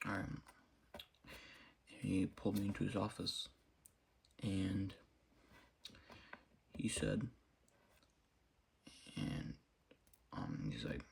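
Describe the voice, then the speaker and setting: A young man quietly recounting a personal story, halting with many fillers and restarts. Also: low voice, vocal fry, slight background noise. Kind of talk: storytelling monologue.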